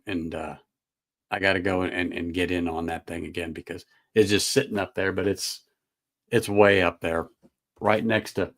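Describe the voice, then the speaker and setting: A middle-aged man hosting a casual whiskey livestream, rambling in a folksy way and answering viewers' comments. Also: sits low. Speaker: whiskey channel host.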